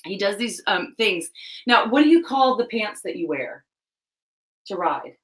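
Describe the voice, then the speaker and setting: A woman's voice: mid-range voice, very animated, unhurried, poor audio. A middle-aged woman with a Southern US accent, co-hosting a casual live chat show, talking animatedly and laughing often.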